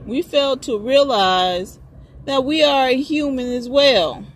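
A woman's voice: high-pitched, slow pace, slight background noise. A woman rambling through a spiritual monologue to camera, wandering and repeating herself, swearing freely along the way. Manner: meandering, repetitive, swears freely. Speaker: vlogger.

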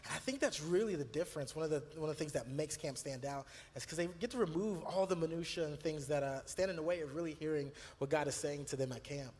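Earnest male youth pastor, slightly raised pitch, storytelling, recorded in a reverberant room. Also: fast, few pauses, darkish tone. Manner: earnest, storytelling, many fillers and restarts. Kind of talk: church video conversation.

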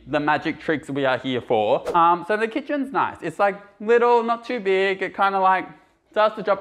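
A man's voice: fairly high pitch, fairly bright tone. A chatty, bubbly young man giving a casual tour of his small apartment, recorded on a handheld camera. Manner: chatty and bubbly, lots of fillers. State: a bit out of breath. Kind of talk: casual vlog chat.

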